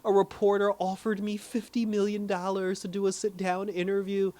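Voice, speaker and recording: A man's voice: high voice, monotone, normal speed, warm tone, dry recording, voice pushed up, close to an everyday voice. A man putting on a mocking voice of a whiny teenage girl who complains about being famous.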